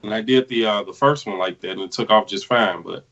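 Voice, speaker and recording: A man as a guest on a call, relaxed and giving short replies. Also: fairly low pitch, fairly quick, dull audio. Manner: laid-back, short replies. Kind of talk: casual video call chat.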